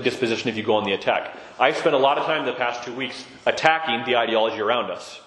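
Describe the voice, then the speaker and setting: A man giving a conversational sermon-style talk on Orthodox Christian living, acting out quoted voices as he goes. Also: mid-range voice. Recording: echoey room with long reverb.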